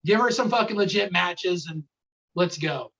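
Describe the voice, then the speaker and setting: A co-host joking crudely in a casual chat. The voice is bright, sounds set back from the mic, and has a dull, lo-fi quality. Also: mid-range voice, moderate pace, creaky, distant mic.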